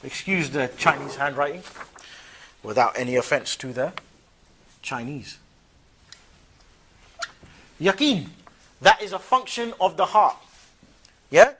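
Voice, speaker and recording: A man's voice: on the high side, animated, slow pace, long pauses, bright, forceful tone, slight background noise. A man giving a religious lecture in a conversational, colloquial way, often checking in with "yeah?" and breaking into mocking asides with short laughs.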